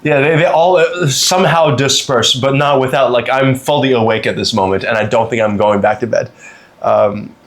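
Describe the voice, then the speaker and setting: Animated young man telling a story. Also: mid-range voice, moderate pace. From Canada. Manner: animated, acts out quotes in raised voices. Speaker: podcast host. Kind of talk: casual storytelling chat.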